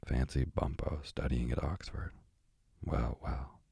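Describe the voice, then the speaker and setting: Gentle, absent-minded country doctor for a sleep storybook, read by a man in a very low, gravelly voice. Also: no echo, clean studio sound, full character voice. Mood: mild. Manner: calm, slow bedtime reading. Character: kindly absent-minded middle-aged male animal doctor. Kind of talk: bedtime story reading.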